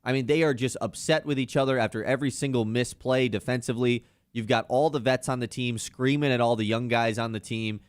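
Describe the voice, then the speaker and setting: A man's voice: mid-range voice, clean tone, no echo, clean studio sound. A man hosting a sports talk radio show, chatting casually and with animation about basketball. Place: radio studio.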